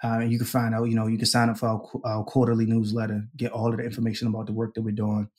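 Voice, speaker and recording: A man as an interview guest, telling a personal story in a lively way, laughing often and acting out the people he quotes. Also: on the low side, racing. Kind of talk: conversational storytelling.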